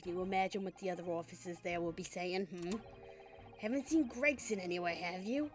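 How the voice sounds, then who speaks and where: A woman's voice: fairly low pitch, fairly quick, lightly acted. A woman putting on a blustering English inspector. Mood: irritated. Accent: English (put-on). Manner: blustering, clipped and indignant. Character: gruff, impatient English police inspector, male, middle-aged. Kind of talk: reading game dialogue aloud on stream.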